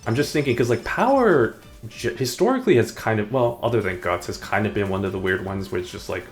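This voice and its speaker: Streaming a game live, a man with a lowish, expressive voice chats casually at a fast clip, rambling and muttering to himself between chuckles. Soft music plays in the background.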